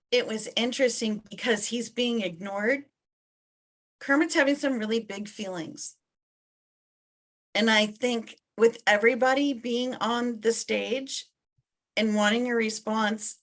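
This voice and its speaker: A woman's voice: a little high, a little slow, fairly bright tone. A woman hosting a casual panel discussion, chatty and easygoing. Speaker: host.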